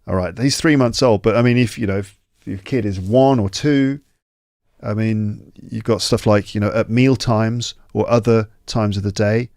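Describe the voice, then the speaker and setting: A man in a relaxed, casual conversation, thinking aloud as he explains. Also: fairly low pitch, normal speed, no echo, studio quality.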